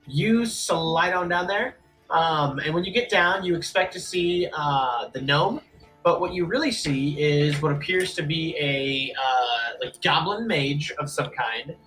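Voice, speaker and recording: A game master narrating a tabletop game, quick and rambling with lots of fillers. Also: medium pitch, a bit bright, faint music behind, poor audio.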